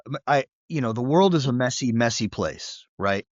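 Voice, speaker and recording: A man's voice: mid-range voice, animated, normal speed, no echo, dull audio. A man co-hosting a podcast, telling a film story casually, acting out scenes and swearing now and then. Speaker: podcast co-host.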